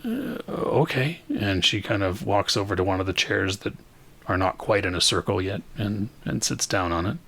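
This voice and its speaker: A man narrating as game master of a tabletop game, describing scenes in a halting way with many fillers. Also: sits low, fairly even intonation, creaky, bright, forceful tone.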